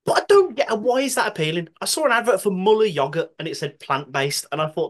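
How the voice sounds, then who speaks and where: Ranting Brummy man, lively pitch. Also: fast talker, few pauses. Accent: Birmingham. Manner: ranting, swears freely, laughs often. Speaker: podcast co-host. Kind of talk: casual chat.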